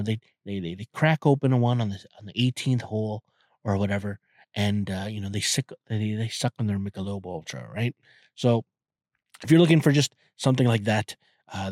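A man's voice: mid-range voice, a little mellow, no room sound, studio quality. Rambling, cursing young man podcaster. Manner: rambling, profane, many restarts and fillers. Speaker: podcast host. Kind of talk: casual solo podcast talk.

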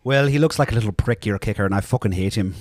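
A man's voice: on the low side, fast, lightly acted. A man putting on a swearing stage-Irish joker. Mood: cheeky. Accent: put-on Irish. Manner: crude, swears freely.

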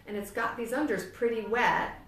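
A woman's voice: a little high, moderate pace, a bit bright. A woman with a New York accent, explaining things step by step as a birth educator and often checking in with "right?". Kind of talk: instructional demonstration. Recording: roomy, distant mic, faint ambience.

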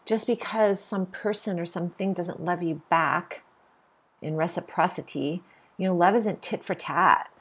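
A woman's voice: fairly low pitch, unhurried, breathy edge. A middle-aged woman hosting a podcast, giving an earnest spiritual monologue and repeating her points for emphasis. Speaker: podcast host.

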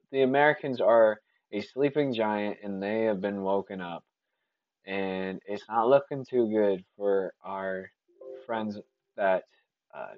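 A man's voice: mid-range voice, no room sound, highs cut off. A man from Texas hosting a casual solo podcast, talking in an opinionated, rambling way with frequent restarts. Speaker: podcast host.

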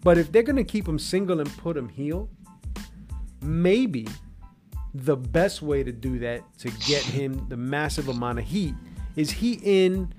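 Male co-host, a touch high-pitched, chatty and self-mocking, quick to laugh; faint music bed. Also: lively intonation, a little mellow. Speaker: podcast co-host. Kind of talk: casual chat.

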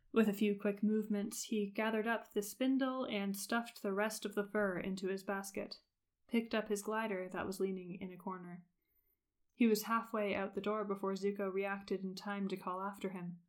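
A woman reading fan fiction aloud in steady, even narration. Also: medium pitch, moderate pace. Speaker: audiobook reader of fan fiction. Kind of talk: scripted narration.

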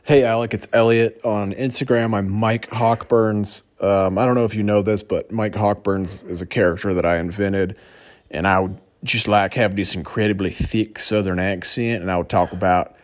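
A man's voice: lowish voice, steady tone, normal speed. A man from Alabama leaving a rambling, wry voicemail for a podcast. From Alabama, USA. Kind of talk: casual voicemail message.

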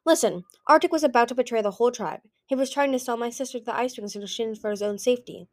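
A woman's voice: a little high, fast, a little mellow, no room sound, studio quality, lightly acted. A woman voicing a huge ancient male dragon, talking in a breezy, persuasive way that turns cross.

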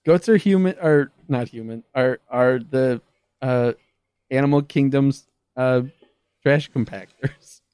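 A man co-hosting a casual comedic chat, playful and quick to laugh. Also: medium pitch, a little mellow, clear, resonant tone, no room sound. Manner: giggly and playful, laughs often.

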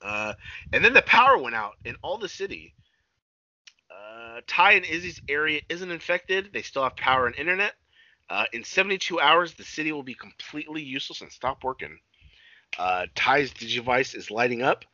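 A man's voice: mid-range voice, very animated, moderate pace, bright, forceful tone, no echo. A man in casual podcast chat, recapping a cartoon episode in a profane, rambling way full of filler sounds. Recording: dull lo-fi recording.

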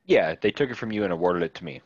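A man with a lowish voice and lively rises and falls in pitch, cutting in to sum things up. The sound is dry and a little dull and lo-fi. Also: fast, no room sound. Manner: interjects briefly, sums up the other speaker's point. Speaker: podcast co-host. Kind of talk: casual conversational chat.

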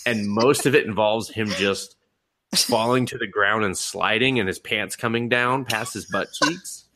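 A man's voice: lowish voice, a little slow, background noise. A man hosting a podcast, casually and animatedly recapping an anime, laughing and acting out the characters' lines. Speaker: podcast host.

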